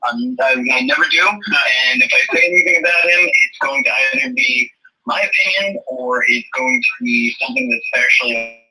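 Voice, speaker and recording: A man's voice: mid-range voice, moderate pace, bright, forceful tone, husky, faint music behind, rough recording. A man hosting a live stream, talking in a rambling, defensive way with lots of restarts. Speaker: stream host. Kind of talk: casual live stream chat.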